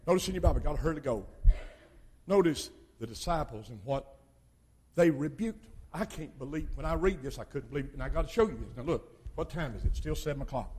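An older man preaching a sermon as pastor, swinging between loud exhortation and quiet asides. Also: a little high, animated, brisk, breathy edge.

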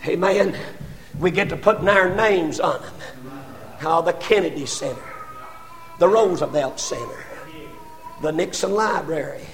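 High-voiced older man preaching with fervor. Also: unhurried, pauses often, soft background music. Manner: impassioned, rising to shouts, stammering repetitions. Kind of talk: sermon.

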